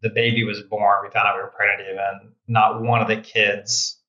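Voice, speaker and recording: A middle-aged man guest reflecting on fatherhood in a halting, thoughtful way. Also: on the low side, flat delivery, pushed and bright. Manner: reflective, halting, often restarting. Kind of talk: reflective conversational talk. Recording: roomy, dull-sounding audio.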